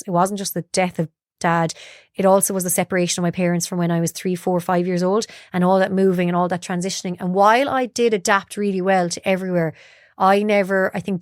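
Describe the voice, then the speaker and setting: A young woman with a fairly low voice, recorded at studio quality with no room sound, is a guest on a podcast. She's an open, confiding storyteller, sharing her personal story candidly and performing the quotes of people she encountered.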